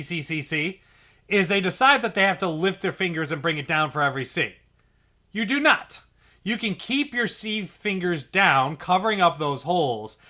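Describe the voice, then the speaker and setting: Bright-voiced encouraging male music teacher. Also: on the high side. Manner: patient, encouraging, repeats checks like okay and all right; sings syllables to demonstrate notes. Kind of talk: instructional video lesson.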